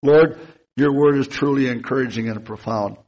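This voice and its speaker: A man preaching a sermon, speaking slowly and deliberately and stretching key words for emphasis. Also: medium pitch, a little mellow, muffled recording.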